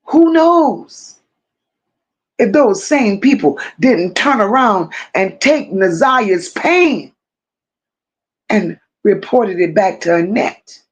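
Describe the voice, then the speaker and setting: Slow, deliberate woman streamer. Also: medium pitch, expressive, husky, lo-fi sound. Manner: slow and deliberate, repeating phrases for emphasis; talks directly to viewers as friends. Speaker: live-stream host. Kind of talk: live-stream commentary reading viewer chat.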